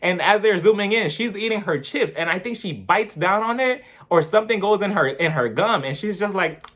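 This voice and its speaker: A man's voice: high-pitched, animated, moderate pace, a bit bright. A man chatting casually as he recaps a reality TV episode, gossipy and profane, breaking into laughter. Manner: gossipy, chatty, swears freely, laughs often.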